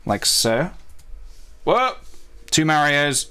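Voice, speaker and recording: A man talks loosely to his viewers as he works on a drawing, thinking out loud and drifting into side comments. His pitch sits in an ordinary middle range for a man, and the delivery stays relaxed and unscripted. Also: a little slow. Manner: rambling, self-talking, playful asides. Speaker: youtuber drawing on stream.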